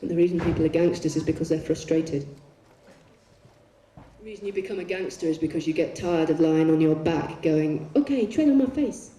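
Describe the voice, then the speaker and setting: A woman telling bawdy, swearing stories on a concert stage, with deadpan comic asides. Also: sits low, a little fast, a little hiss or hum. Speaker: poet performing on stage. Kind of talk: live stage storytelling. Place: large concert arena on stage. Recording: echoey arena heard from far off.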